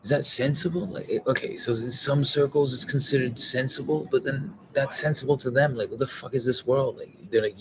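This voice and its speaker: A man talking in a loose, rambling monologue, swearing and quoting other people in quick voices. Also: mid-range voice, crowd noise.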